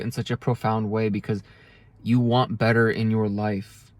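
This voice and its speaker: A man's voice: on the low side, little pitch movement, moderate pace, no room sound. A man speaking earnestly to camera in a heartfelt motivational monologue, often restarting his sentences. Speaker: self-help video creator.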